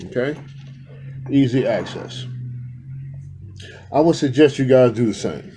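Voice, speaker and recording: A man's voice: mid-range voice, animated, measured pace, warm tone, a little hiss or hum. A man in a casual, rambling talk to his viewers, addressing them directly and affectionately while filming himself indoors. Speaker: spiritual vlogger.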